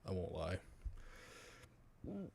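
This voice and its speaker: A man's voice: sits low, wildly swooping pitch, slow pace, gravelly, dark tone, a little hiss or hum. A man streamer chatting casually with his live chat, swearing now and then and laughing often. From United States.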